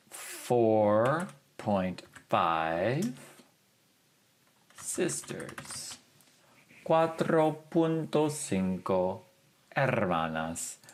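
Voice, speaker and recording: A man walks through a language lesson at an unhurried, deliberate pace, casual and chatty. He thinks aloud with frequent ums while he explains. His voice sits at an ordinary middle pitch. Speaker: Spanish teacher. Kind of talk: casual screen-share lesson narration.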